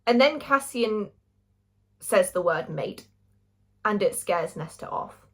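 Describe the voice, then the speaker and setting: A woman's voice: mid-range voice, slow pace. Gushing young woman vlogger. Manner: gushing, animated, swears freely. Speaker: book reviewer. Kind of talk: casual chat.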